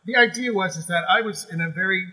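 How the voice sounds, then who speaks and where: A man working in musical theatre, telling backstage stories as an interview guest with animated, emotional delivery and frequent restarts. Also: high-pitched, fast talker, rough recording. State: moved to tears at times. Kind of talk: casual interview storytelling.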